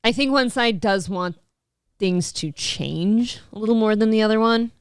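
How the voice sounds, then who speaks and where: Female co-host, reactive and sarcastic, smooth tone, dry sound. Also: medium pitch, moderate pace, no echo. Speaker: morning show co-host. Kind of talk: casual political talk show.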